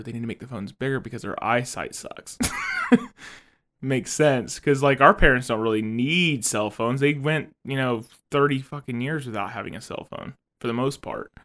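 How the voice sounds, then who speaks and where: A man's voice: medium pitch, a bit bright. A young man co-hosting a podcast in casual chat, joking crudely and laughing often. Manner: laughs often, crude jokes, slips into silly voices. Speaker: podcast co-host.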